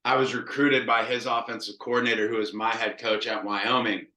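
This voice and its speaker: A man's voice: mid-range voice, brisk, reverberant, low-quality recording. A man in his thirties, a quarterback coach, telling stories in casual, profane talk and acting out quotes with lots of energy. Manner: profane, animated storytelling with acted quotes.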